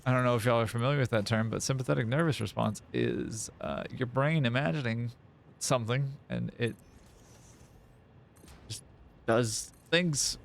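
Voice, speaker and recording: A man streaming a game live, thinking out loud in a loose, rambling way. He swears casually and pokes fun at himself. His pitch sits in an ordinary middle range, close to a desk microphone. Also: moderate pace, creaky, long pauses. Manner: rambling, self-mocking, swears often.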